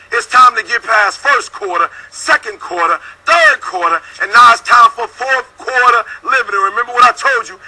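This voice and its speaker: Fiery high-voiced male motivational speaker. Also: sharp tone, poor audio. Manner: fiery, preacher-like, repeats "baby" and "boom". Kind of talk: motivational pep talk.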